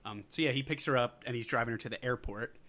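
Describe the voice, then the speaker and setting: Easygoing young man at a middle pitch. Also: fast talker, bright, forceful tone. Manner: easygoing, hesitant, with fillers and restarts. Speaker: podcast co-host. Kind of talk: casual chat about a movie.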